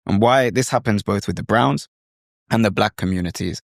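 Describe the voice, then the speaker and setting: A man hosts a podcast conversation in a low, steady voice. He speaks thoughtfully, pausing with fillers as he searches for words. The sound is dry and close, with no room echo. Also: gravelly.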